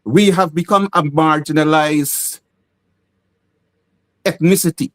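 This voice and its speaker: A man with a Guyanese accent speaks as a playwright in an interview, telling animated stories. His voice sits notably high for a man. He slips into the voices of the people in his stories as he goes. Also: a little slow, long pauses, rough recording. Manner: animated, acts out quoted voices. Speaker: playwright guest. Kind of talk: interview storytelling.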